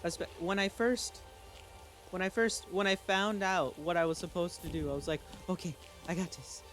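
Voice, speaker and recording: A man casually telling a spooky story in an excitable, halting way, full of restarts and exclamations. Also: high-pitched, soft background music. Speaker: channel host.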